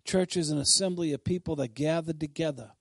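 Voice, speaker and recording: A man preaching a sermon who swings between bold, emphatic declarations and quiet, chatty asides to his listeners. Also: a little high, brisk, vocal fry, no echo.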